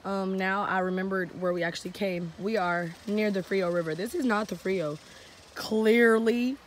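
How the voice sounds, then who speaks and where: A woman's voice: mid-range voice, fairly even intonation, moderate pace, slight background noise. Laid-back young woman vlogging outdoors. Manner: laid-back, swears often, slangy. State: out of breath. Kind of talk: casual vlog chat. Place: outdoors by a creek.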